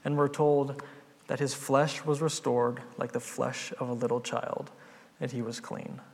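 A man's voice: medium pitch, level tone, a little slow. A man preaching a sermon, retelling a Bible story in an earnest, conversational way. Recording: long hall reverb.

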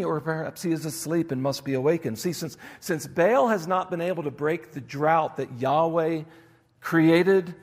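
A man delivers an expository sermon, reading scripture aloud and pressing home each point. His voice sits a little high for a man. A long reverb trails his words through a large church hall. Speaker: pastor.

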